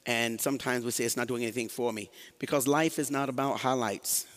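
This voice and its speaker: A man's voice: mid-range voice, a little fast, long reverb tail. A male pastor preaching a sermon, talking with the congregation and laughing often. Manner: animated, laughing, call-and-response with the congregation.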